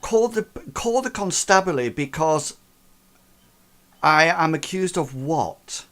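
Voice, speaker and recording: A man's voice: medium pitch, lively intonation, moderate pace, pushed and bright, clear, resonant tone. A man voicing an arrogant male stage magician in cape and top hat, with an English accent, haughty and dismissive. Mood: indignant.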